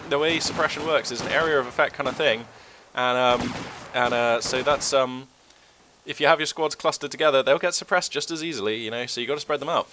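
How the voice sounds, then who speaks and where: A man's voice: mid-range voice, background noise. A man with a cold, casually commentating a strategy game in a chatty, rambling way. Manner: chatty and rambling, many fillers. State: has a cold, voice a bit low. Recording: game gunfire and artillery behind.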